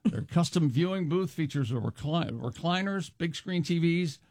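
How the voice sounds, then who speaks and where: Chatty radio host, dry studio sound. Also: male voice, a little high, animated, darkish tone, dry recording. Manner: quick news reads broken by fillers and jokes. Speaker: radio show co-host reading news. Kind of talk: casual morning radio banter.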